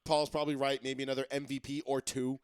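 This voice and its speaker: A man hosting a sports talk show, talking casually and excitably, rambling and swearing often. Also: medium pitch, quick pace, smooth, no room sound, studio quality. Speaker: sports radio host.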